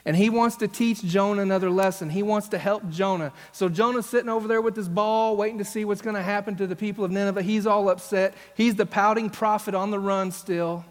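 A man's voice: high-pitched, steady tone, fairly quick, few pauses, long reverb tail. A male pastor preaching a sermon on stage, telling stories and acting out the voices of the people in them. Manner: storytelling, acts out quoted voices. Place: church stage.

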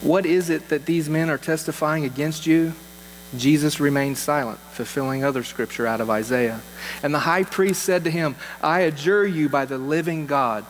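A man's voice: a little high, moderate pace. A man, a pastor, preaching a sermon in an earnest way, repeating key phrases for emphasis. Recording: long hall reverb with faint mains hum.

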